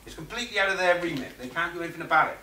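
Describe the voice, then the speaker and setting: A man giving an animated, anecdotal conference talk, acting out quotes and laughing often. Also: fairly high pitch, rapid-fire, a little hiss or hum. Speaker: conference speaker. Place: conference room. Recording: roomy hall audio from far off.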